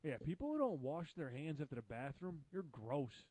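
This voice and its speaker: A man's voice: fairly high pitch, expressive, normal speed, mellow, dry recording. A man co-hosting a comedy show, chiming in with dry, joking remarks. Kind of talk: casual chat.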